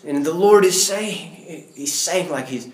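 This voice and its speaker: A man's voice: fairly high pitch, slow pace. A man giving an earnest personal faith testimony that builds into fervent, preacher-like outbursts. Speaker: guest sharing a faith testimony. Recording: roomy echo.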